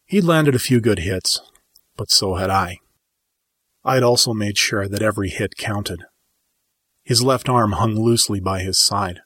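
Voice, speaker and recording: A man narrating a first-person story in a measured, dramatic audiobook style. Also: lowish voice, fairly bright tone, breathy edge, no echo, studio quality.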